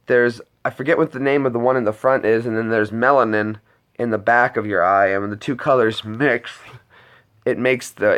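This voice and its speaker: A man's voice: mid-range voice, fairly bright tone. Dude rambling on his live stream, casual, restarts a lot. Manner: rambling, chatty, many restarts.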